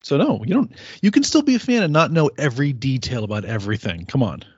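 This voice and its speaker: A man's voice: mid-range voice, sing-song, quick pace, breathy edge, dry recording. A man hosting a casual podcast chat, rambling and correcting himself and laughing often. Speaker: podcast host. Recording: slightly muffled dry podcast audio.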